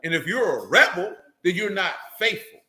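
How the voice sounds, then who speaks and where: A man's voice: high voice, very animated, moderate pace, sharp tone, slight background noise, low-quality recording. A man delivering an informal sermon, mixing blunt street slang with scripture reading and questions to his listeners. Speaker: teacher of a religious assembly.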